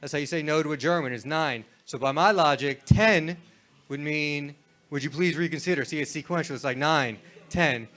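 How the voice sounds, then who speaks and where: A man's voice: a little high, normal speed, bright, forceful tone. A young man from Florida doing a rambling, crude stand-up set on a club stage. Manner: laid-back, rambling, crude. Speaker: stand-up comedian.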